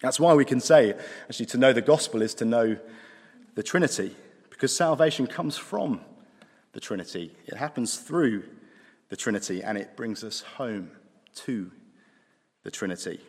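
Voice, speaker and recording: A man preaching a sermon in a conversational way, with dry asides, slowing down for emphasis. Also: medium pitch, animated, breathy edge. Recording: long hall reverb.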